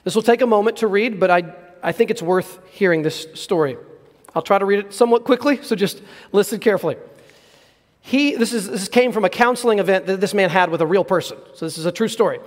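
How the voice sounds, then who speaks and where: A man preaching a sermon, earnest and emphatic, slowing down to stress key words. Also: sits high, long reverb tail. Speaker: pastor.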